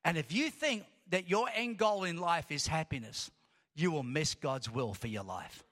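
A man preaching a sermon as pastor, impassioned and building to shouts as he reads scripture in long rhythmic lists. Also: on the high side, expressive, moderate pace. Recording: long reverb of a large hall.

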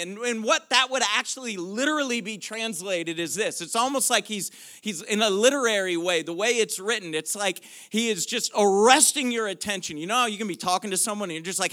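A man pastor preaching a sermon, moving from quiet questions to loud, shouted declarations. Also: high voice, brisk.

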